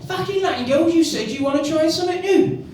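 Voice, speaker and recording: A man voicing his own crude, aggressive male inner voice, shouting. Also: extremely high pitch, quick pace, voice pushed up. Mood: outraged. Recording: distant mic, loud room echo, faint crowd noise.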